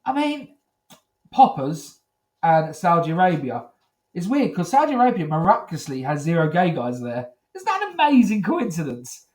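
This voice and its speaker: A man's voice: on the high side, a little mellow. A man doing a crude, rambling stand-up routine on a comedy club stage, talking into a handheld mic. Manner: crude, rambling, heavy on filler phrases. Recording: echoey club room.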